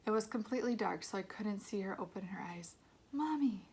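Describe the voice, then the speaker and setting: Soft-voiced woman reading a storybook aloud. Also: mid-range voice, quick pace, breathy edge. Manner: soft and intimate, often dropping to a whisper. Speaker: read-aloud narrator. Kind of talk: storybook narration.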